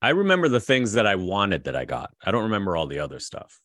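A man and father, a comedian guest, chatting casually and cracking quick jokes. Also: fairly low pitch, huge pitch swings, a crowd in the background. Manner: joking, quick quips. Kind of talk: casual chat.

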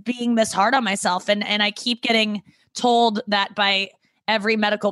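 A woman's voice: medium pitch, fairly even intonation, normal speed, fairly bright tone, dry recording, clean studio sound. A woman comedian talking as a podcast guest, rambling and self-critical with lots of restarts. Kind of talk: casual podcast chat.

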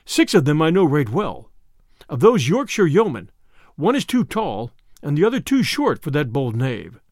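A man's voice: on the high side, very animated, normal speed, dry recording, clean studio sound. A man voicing a plain-spoken man-at-arms in a storybook reading, in archaic, matter-of-fact speech.

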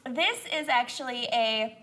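A young woman co-hosting a podcast in casual chat, giggly and animated. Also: a little high, unhurried. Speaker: podcast co-host.

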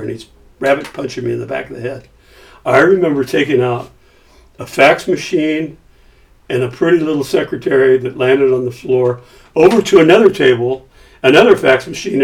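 A middle-aged man casually recounting a business story, acting out the quoted voices as he goes. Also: medium pitch. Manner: animated, acts out quoted dialogue. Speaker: company founder telling a story. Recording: voice somewhat far from mic.

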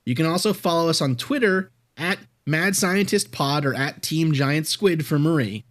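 A man's voice: fairly high pitch, normal speed, fairly bright tone. A man hosting a podcast, chatting casually and rambling, then reading an upbeat sign-off. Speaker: podcast host. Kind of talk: casual chat.

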